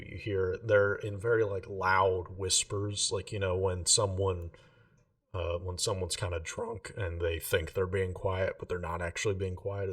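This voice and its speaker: Male game master, low voice, relaxed rambling narration; recorded from a distance. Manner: relaxed, filler-heavy narration.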